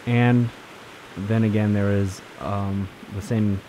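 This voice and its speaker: Laid-back low-voiced man telling travel stories. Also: fairly even intonation, slow pace, dark tone, slight background noise. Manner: rambling, laid-back, many fillers and restarts. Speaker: travel vlogger. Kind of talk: casual travel storytelling.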